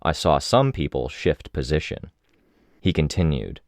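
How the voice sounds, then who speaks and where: A man narrating an audiobook in a measured, steady way. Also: very deep voice, dry recording, clean studio sound.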